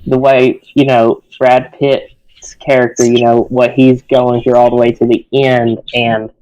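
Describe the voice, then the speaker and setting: A man's voice: mid-range voice, little pitch movement, unhurried, darkish tone, muffled recording. A man hosting a podcast, chatting about films in a conversational way. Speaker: podcast host. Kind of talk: casual film discussion.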